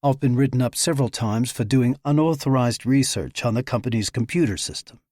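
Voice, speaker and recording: A man's voice: mid-range voice, brisk, darkish tone, dry recording, studio quality, lightly acted. A man voicing a proud young woman, a hacker and model, who talks back with confident defiance. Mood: wry.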